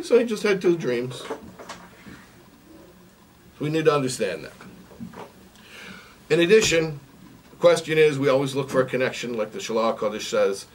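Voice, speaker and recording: Male teacher, sermon delivery, animated rise and fall, mic set back with faint hiss. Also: mid-range voice. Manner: repetitive, questioning, storytelling. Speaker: religious teacher. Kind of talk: sermon with a parable. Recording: distant mic, faint noise.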